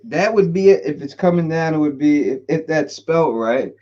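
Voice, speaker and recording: A man hosting a casual livestream, an animated storyteller who laughs often and repeats himself. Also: a little high, normal speed. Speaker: host. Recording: dull lo-fi stream audio.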